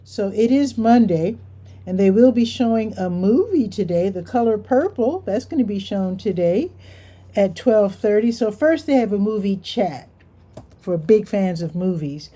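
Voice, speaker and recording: A woman's voice: medium pitch, expressive, moderate pace, dark tone. A woman hosting a casual community events rundown, chatting her way through a schedule with offhand asides.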